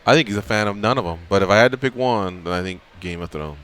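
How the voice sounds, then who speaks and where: A man co-hosting a sports radio show, chatting casually and telling stories with lively voices for people he quotes. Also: on the low side, fast, slight background noise. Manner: animated storyteller, does voices when quoting people. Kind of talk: casual chat.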